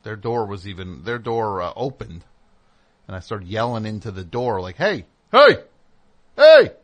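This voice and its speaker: A middle-aged man hosting a show, telling a casual story and acting out the people in it with sudden loud outbursts. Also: lowish voice, normal speed. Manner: animated, acts out voices with loud outbursts. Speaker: host.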